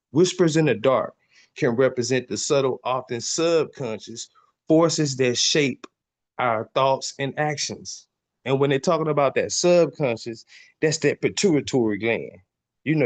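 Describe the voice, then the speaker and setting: A man hosting a podcast, teaching on spiritual topics in a preachy way, reading passages aloud and repeating lines for emphasis, often stumbling over repeated words. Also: mid-range voice. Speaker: podcast host.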